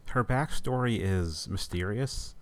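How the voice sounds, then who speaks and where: Deep-voiced, laid-back man on a podcast. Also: a little slow. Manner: laid-back, hesitant, with many fillers. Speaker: podcast co-host. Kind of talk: casual film discussion.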